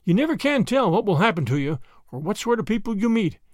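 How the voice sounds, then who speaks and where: A man's voice: sits high, sing-song, quick pace, dry recording, clean studio sound. A man voicing a kindly but stubborn old grandmother who talks earnestly and frets, in a storybook reading. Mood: reflective.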